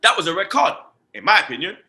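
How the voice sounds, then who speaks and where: Quick-paced and high-voiced, this host of a casual football fan show rants animatedly in slang, cursing and repeatedly tossing out "you understand" and "blood."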